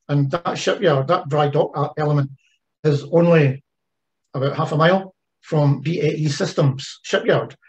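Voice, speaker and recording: A man's voice: fairly high pitch, darkish tone, dull audio. A man giving an online presentation about a heritage ship project, talking conversationally with frequent fillers and restarts. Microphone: video call.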